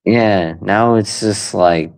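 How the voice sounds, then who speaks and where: A man's voice: fairly low pitch, takes it slowly, clean tone, dry recording. A middle-aged man talking casually, rambling and hesitant with lots of fillers. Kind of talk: casual conversation.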